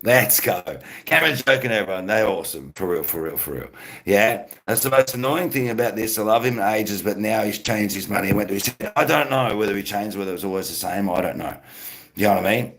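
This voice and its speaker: Streamer, male, rambling casual chat, gravelly fry in the voice. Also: lowish voice, fairly quick, a bit bright. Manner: rambling, talks to chat viewers by name.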